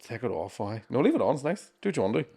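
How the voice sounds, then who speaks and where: This is a young Northern Irish man co-hosting a comedy podcast, swearing freely and joking in a loose, chatty way. His voice sits at an ordinary middle pitch for a man. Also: sing-song, rapid-fire, gravelly, mellow, slightly rough. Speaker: podcast co-host. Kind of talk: casual comedic chat.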